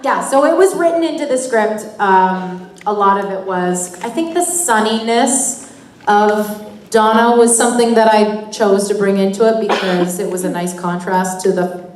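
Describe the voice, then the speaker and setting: A woman's voice: mid-range voice, moderate pace, a little mellow, distant mic, a little hiss or hum. Chatty Canadian-raised woman in an echoey hall. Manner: chatty, laughing, storytelling. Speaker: actor on a convention panel. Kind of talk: convention panel Q&A. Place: convention hall.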